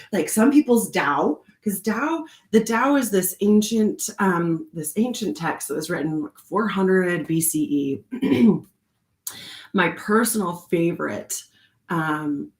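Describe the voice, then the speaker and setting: A woman casually telling a personal story with many fillers, now and then jumping into a high voice to act out what she said. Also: echoey room. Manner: chatty, many fillers, acts out quotes in a high voice. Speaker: host of a card reading channel.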